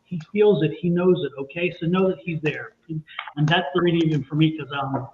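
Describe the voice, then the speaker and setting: A man's voice: fairly high pitch, a little fast. Earnest man reading tarot over tinny line. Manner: earnest, repetitive, reassuring. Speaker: tarot and psychic reader. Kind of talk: live-streamed psychic reading. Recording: echoey, phone-like line with faint noise.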